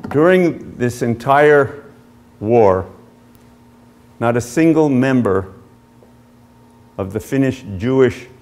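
A man, an author, giving an illustrated history lecture with measured storytelling and frequent pauses as he points to slides. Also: lowish voice, gravelly, darkish tone. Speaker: author giving a book talk.

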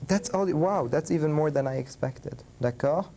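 A man's voice: on the high side, moderate pace, warm tone, slight background noise. A man teaching a university French class, mixing English and French and checking in with his students.

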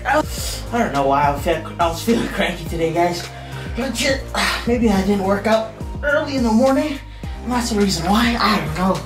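A woman vlogging casually about her workout and cooking, chatty and playful, counting reps out loud. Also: mid-range voice, lively intonation, moderate pace. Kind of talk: casual workout vlog chat. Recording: echoey room with music playing.

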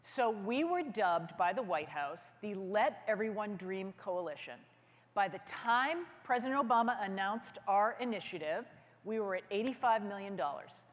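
A woman's voice: medium pitch, expressive, moderate pace, big-room sound. A woman filmmaker giving a conference keynote, telling a story with energy and acting out phone conversations in quoted voices. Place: conference hall stage.

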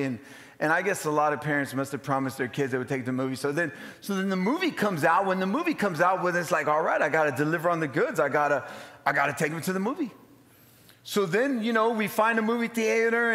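A male pastor giving an animated, dramatic storytelling sermon and calling out to the congregation. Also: on the high side. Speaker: lead pastor. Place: church sanctuary. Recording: long hall reverb.

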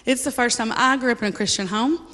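A woman's voice: a little high, quick pace, a bit bright, a little hiss or hum. Woman giving a testimony in a church. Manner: casual and earnest, with frequent ums and light laughter. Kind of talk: personal testimony to a congregation. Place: church sanctuary. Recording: reverberant church hall.

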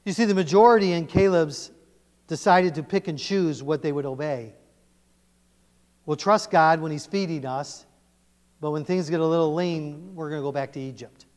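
A male pastor preaching a sermon in a church, animated and emphatic, often quizzing his congregation. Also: fairly high pitch, moderate pace. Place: church sanctuary. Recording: long church reverb.

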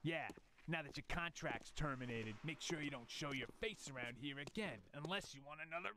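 A threatening security guard in a video game. He talks bluntly, with a bright, fairly high voice. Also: fairly quick.

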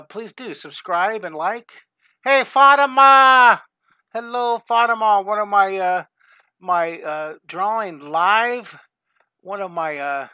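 A man's voice: high-pitched, sharp tone, no room sound. A middle-aged man hosting a live online drawing lesson for young kids, upbeat and encouraging, greeting viewers by name as he draws. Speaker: art teacher hosting a live drawing class.

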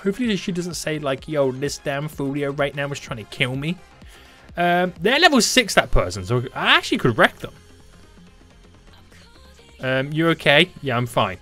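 A young man narrates his gameplay in a bright, animated voice that swings from mumbled asides to loud, gleeful taunts. His talk is playful and excitable, with faint game music underneath. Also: on the high side, moderate pace. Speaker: gaming YouTuber. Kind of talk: let's play commentary.

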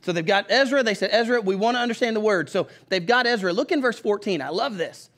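High-voiced Southern country preacher. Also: male voice, fast, fairly bright tone. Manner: folksy, conversational, calls on the congregation to read along. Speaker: pastor. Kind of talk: sermon.

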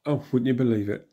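Hoarse man chatting through game pulls. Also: medium pitch, warm tone. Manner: chatty, mutters reactions to himself. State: hoarse from illness. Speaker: gaming channel host. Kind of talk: casual commentary while opening in-game crystals.

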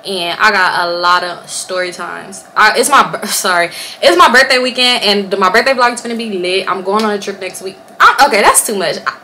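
Bright-voiced young woman telling a story. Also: medium pitch, fairly quick, slight background noise. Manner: animated, swearing, acts out quotes. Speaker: vlogger. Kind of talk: casual storytime. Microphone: camera or phone on a stand.

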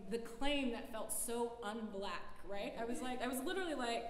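A woman's voice: a little high, normal speed, slight background noise. A woman artist giving a casual public talk in a lecture hall, loose and chatty, peppering her speech with "like" and laughing easily.

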